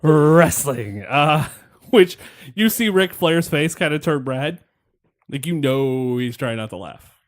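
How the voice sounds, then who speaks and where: A man's voice: a little high, lively intonation, a little slow. A man hosting a podcast, rambling through a wrestling match recap in casual chat, wry and laughing, with the odd swear. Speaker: podcast host.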